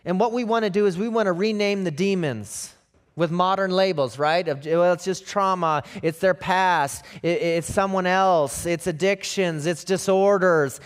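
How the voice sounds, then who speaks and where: A man's voice: high voice, normal speed, clear, resonant tone. A male pastor preaching a sermon emphatically, with rhetorical questions and repeated phrases.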